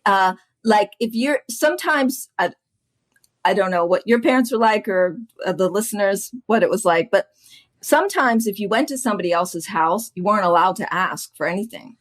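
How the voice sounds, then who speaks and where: A woman business coach talking as a podcast guest, chatty and animated, often laughing and acting out what other people say. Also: mid-range voice, moderate pace. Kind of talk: casual chat.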